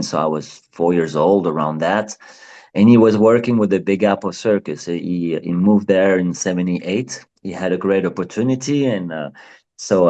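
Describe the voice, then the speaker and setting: A man with a French accent, a clown and circus performer, talking in a casual interview in halting English with many fillers and restarts. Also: low-pitched, a little mellow. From France.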